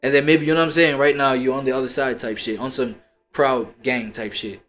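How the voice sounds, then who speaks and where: A man's voice: mid-range voice, fairly even intonation, a little fast, fairly bright tone, faint music behind. A man streamer in casual chat, rambling in heavy slang.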